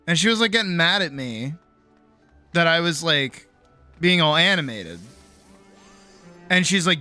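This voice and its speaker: A man's voice: fairly high pitch, animated, measured pace, long pauses, sharp tone, clean tone, no room sound, soft background music. A young adult man streamer telling a personal story in casual chat, acting out both sides of the conversation and often restarting his words. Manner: frequent restarts and repeated words.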